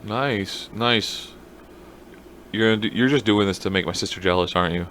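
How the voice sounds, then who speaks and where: A man's voice: fairly low pitch, moderate pace, fairly bright tone, a little hiss or hum. A young man co-hosting a casual podcast, joking crudely and swearing freely while smoking a cigar. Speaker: podcast co-host. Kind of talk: casual chat. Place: small room, smoking cigars. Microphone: studio mic on a desk.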